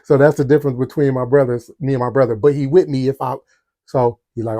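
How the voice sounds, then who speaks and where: A man's voice: mid-range voice, fast talker. A man hosting a storytelling podcast, telling a personal story animatedly and speaking straight to his listeners. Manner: animated, talks to the audience, acts out quotes. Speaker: podcast host.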